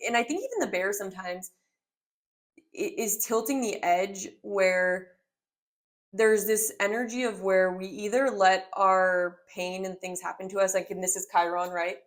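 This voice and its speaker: A woman's voice: mid-range voice, a little slow. A young woman in her twenties talks through a tarot spread. Her delivery is loose and rambling, full of "like" and "um", and heartfelt. She sounds like someone chatting to viewers. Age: 20s. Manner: rambling and heartfelt, many filler "like"s. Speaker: tarot reader. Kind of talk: casual spoken tarot reading.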